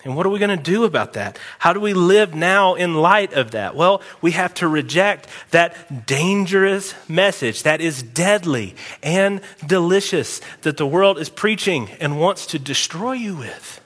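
A man with a high, bright, ringing voice delivers a sermon from the pulpit, swinging between quiet earnest passages and sudden emphatic bursts. His words ring out in a church sanctuary with a long hall reverb trailing behind them. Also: a little slow, few pauses. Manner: animated, emphatic preaching with sudden loud outbursts. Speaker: pastor.

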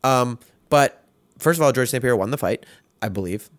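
A man's voice: medium pitch, lively intonation, moderate pace, no echo, studio quality. A man co-hosting a podcast, chatting casually and earnestly, swearing freely as he explains his views.

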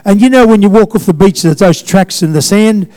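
Older man, pastor preaching a sermon, fairly high voice, faint music underneath. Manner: swings from loud declarations to hushed, halting recollection.

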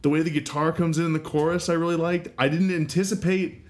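A man's voice: on the high side, fairly even intonation, quick pace. A young man from New Hampshire co-hosting a music podcast, chatting casually with jokey, rambling tangents. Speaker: podcast co-host. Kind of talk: casual chat.

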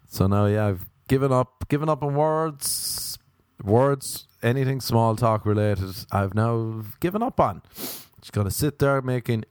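Irish guy, young, low voice, wry self-mocking comic monologue, dry sound. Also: moderate pace, darkish tone, smooth, no echo. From Ireland.

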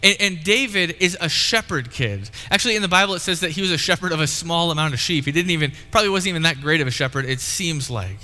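A man's voice: on the high side, animated, fast, hardly any pauses, pushed and bright, soft background music. A man preaching a sermon, telling a story in a playful, conversational way and acting out the quotes. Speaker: pastor. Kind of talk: sermon with live demonstration. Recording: reverberant hall.

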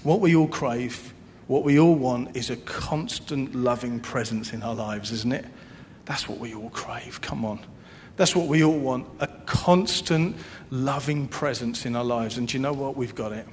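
A man preaching a sermon as pastor, earnest, with a repetitive cadence. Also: measured pace. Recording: long reverb, faint rumble.

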